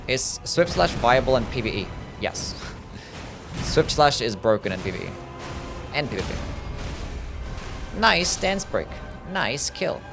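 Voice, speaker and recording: A man's voice: medium pitch, very animated, measured pace, creaky. A young man streaming a game, chatting casually with his chat, laid-back, laughing easily and swearing often. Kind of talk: casual livestream chat while gaming. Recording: music playing faintly behind.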